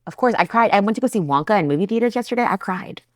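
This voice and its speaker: A woman's voice: medium pitch, lively intonation, rapid-fire, no room sound. Chatty woman from New Jersey, dry sound. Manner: chatty, enthusiastic, frequent fillers. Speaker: co-host. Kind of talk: casual chat.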